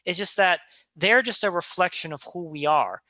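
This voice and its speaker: A man hosting a casual podcast conversation, talking in an animated, emphatic way that climbs in pitch when he makes a point. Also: moderate pace, dry recording. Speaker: podcast host.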